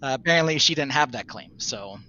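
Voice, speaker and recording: A man co-hosting a casual podcast, explaining things in a measured, lawyerly way. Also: medium pitch, lively intonation, muffled recording, a crowd in the background. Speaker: podcast co-host, attorney.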